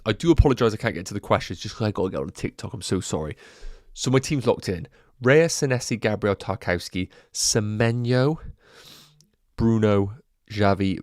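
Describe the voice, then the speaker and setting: A man's voice: sits low, no room sound, studio quality. A man hosting a casual fantasy football livestream, chatting to viewers and answering their questions, a bit out of breath. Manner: chatty, banters with chat, quick asides.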